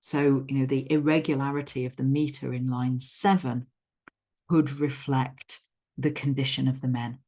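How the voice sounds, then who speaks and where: A woman's voice: very deep voice, steady tone, normal speed, dark tone. A woman teacher explaining a poem in a loose, thinking-aloud way, sometimes chanting stress patterns to show the rhythm. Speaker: English literature teacher. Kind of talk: explanatory poetry lesson.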